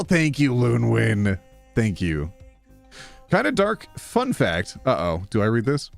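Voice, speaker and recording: A man chatting casually on a live stream, playful and quick to laugh as he thanks viewers. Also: medium pitch, sing-song, vocal fry, soft background music. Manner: playful, reads donations aloud, laughs often.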